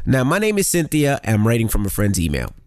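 Middle-aged guy cohosting a podcast, brash, cusses a lot, bouncy pitch, dry sound. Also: wildly swooping pitch, fairly quick, a little mellow, no room sound. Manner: brash, swears freely, sheepish apologies. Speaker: podcast co-host. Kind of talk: casual chat, reading a listener email.

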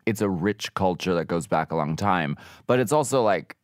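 Deep-voiced man with dry playful humor. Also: expressive, normal speed, no room sound. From Pennsylvania, US. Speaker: drag queen guest. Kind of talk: casual interview chat.

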